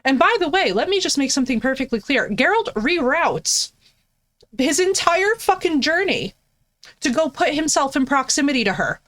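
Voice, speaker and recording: A woman's voice: high voice, big pitch swings, moderate pace, fairly bright tone. A woman streaming a game, ranting casually and profanely while answering her chat. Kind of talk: casual live-stream commentary.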